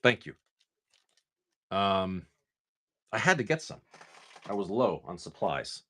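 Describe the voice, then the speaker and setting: A man hosting a live stream, chatting casually and excitedly to viewers as he opens card packs. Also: low-pitched, slow.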